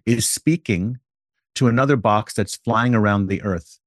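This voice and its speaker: A man with a fairly low voice speaks in a relaxed podcast conversation. He takes his time and works through each point with a playful what-if scenario. The sound is dry, with no room around it. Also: dry recording. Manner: deliberate, explains with playful hypothetical examples.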